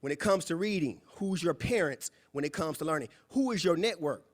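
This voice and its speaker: A young man giving a preachy, animated motivational talk at a club meeting, acting out quoted voices. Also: fairly high pitch, a little fast. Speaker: guest speaker. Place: meeting room.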